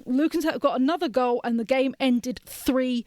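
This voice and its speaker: A young Englishwoman talks football on a podcast, teasing and chatty. Her voice sits a little high. The sound is close and dry, with no room. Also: moderate pace, dark tone, no room sound. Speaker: podcast co-host. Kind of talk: casual sports chat.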